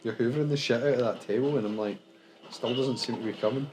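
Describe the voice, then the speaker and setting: A man's voice: medium pitch, fast, darkish tone, rough recording. A Scottish man chatting bluntly and swearing a lot while playing a co-op video game. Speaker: gaming co-host. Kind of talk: casual let's-play banter.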